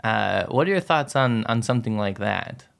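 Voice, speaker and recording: A man hosting a podcast, asking halting questions and introducing the episode's reading. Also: lowish voice, expressive, creaky, fairly bright tone. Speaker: podcast host. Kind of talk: casual discussion and episode introduction.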